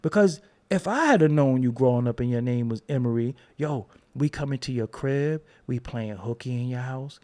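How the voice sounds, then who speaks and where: With a medium-pitched, dark voice at normal speed and few pauses, a middle-aged man from Brooklyn, New York, rants heatedly on his livestream while answering chat. He's confrontational, profane and mocking, laughing between his jabs.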